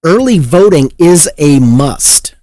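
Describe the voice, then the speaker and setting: A man's voice: fairly high pitch, animated, takes it slowly, warm tone, no room sound. A man hosting a political commentary show, heated and profane, sometimes mocking other people's voices.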